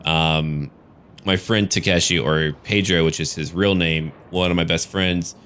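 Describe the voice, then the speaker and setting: A gaming YouTuber and game master talking loosely through a casual channel update, rambling and swearing now and then. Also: male voice, deep voice, steady tone, unhurried, a bit bright, a little hiss or hum.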